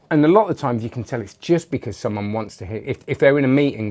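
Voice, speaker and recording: A man's voice: mid-range voice, darkish tone. A man hosting a magic channel, chatting casually and rambling as he reads out viewer comments, with self-deprecating asides. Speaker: magic video host.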